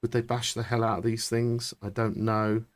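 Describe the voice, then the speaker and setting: A man, chatting excitably and thinking aloud during live gameplay commentary. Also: medium pitch, normal speed. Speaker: streamer.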